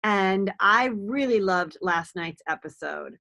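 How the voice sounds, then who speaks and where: A woman's voice: mid-range voice, animated, slow pace, vocal fry, sharp tone. A woman in her forties, a comedian hosting a podcast, chatting in a gossipy way with frequent ums. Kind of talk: casual interview chat.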